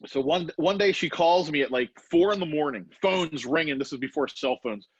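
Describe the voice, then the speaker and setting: A man's voice: on the high side, moderate pace, husky, no echo. A middle-aged man hosting a podcast, telling a story with lots of energy and acting out the dialogue. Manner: animated storyteller, acts out both sides of a dialogue. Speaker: podcast host. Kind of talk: casual storytelling. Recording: dry, slightly dull podcast recording.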